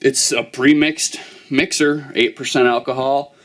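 A man's voice: medium pitch, fairly even intonation, a little slow, fairly bright tone. A man casually hosting a drink review, laid-back and rambling with fillers.

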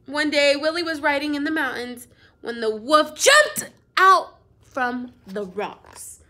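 A woman's voice: sits high, lively intonation, slow, pushed and bright. A young adult woman teacher reading a storybook aloud to her class, playful and full of asides.

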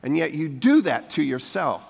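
A man's voice: a little high, sing-song, moderate pace, creaky. An older man preaching a sermon as pastor, folksy and coaxing the congregation to repeat lines after him. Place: church sanctuary. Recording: long hall reverb from a church sanctuary.

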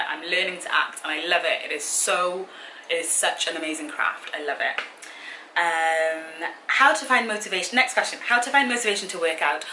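A young woman chatting casually to camera in a Q and A, easily sidetracked and quick to laugh. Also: low-pitched, pushed and bright, reverberant, a little hiss or hum, poor audio. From Britain. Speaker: fitness vlogger. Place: hotel room.

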